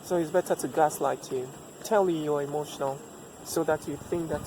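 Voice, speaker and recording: A man's voice: a little high, moderate pace. A man giving relationship advice in a reflective personal monologue, repeating himself for emphasis and asking rhetorical questions. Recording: steady background noise.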